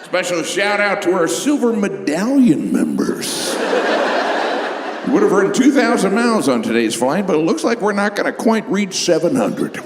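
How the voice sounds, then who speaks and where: A man's voice: sits high, big pitch swings, moderate pace, noisy background. A man on a comedy stage voicing a breezy male airline captain who makes cheerful announcements about a doomed flight. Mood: cheery. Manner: chirpy customer-service cheer about doom. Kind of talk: stand-up comedy. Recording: echoey stage mic in big hall.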